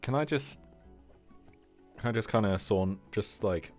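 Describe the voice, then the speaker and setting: A man's voice: lowish voice, a little slow, faint music behind. A man playing a tabletop game, hesitant and stammering as he explains his move. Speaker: player. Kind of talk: casual tabletop chat.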